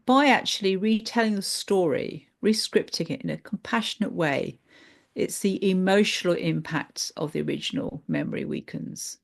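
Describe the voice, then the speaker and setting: A woman therapist explaining a therapy technique through examples, in a measured, hesitant way with many fillers. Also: sits low, creaky.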